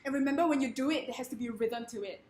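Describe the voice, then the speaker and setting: High voiced woman doing a deadpan comedy talk, echoey room, little bit of hiss. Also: rapid-fire. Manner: deadpan, wry. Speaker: presenter. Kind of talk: comedic presentation.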